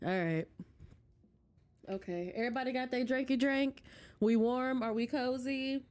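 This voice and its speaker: A woman's voice: sits high, moderate pace, a little mellow. A woman streaming a game from home, chatting casually with her viewers and laughing often, close to a desk mic. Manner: chatty, giggly, talks to chat.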